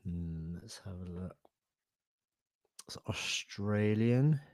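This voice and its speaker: A man presenting a live online software demo, thinking aloud in a relaxed, hesitant way with fillers and self-corrections. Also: on the low side, takes it slowly, no echo. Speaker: webinar presenter.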